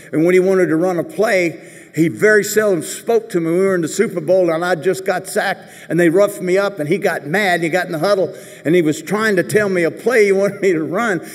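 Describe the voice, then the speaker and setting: A man with a slightly high, brisk voice gives a commencement speech at a large ceremony venue, told through rambling anecdotes. An animated storyteller, he adds jokey asides and acts out quoted voices, all under the long reverb of a big hall.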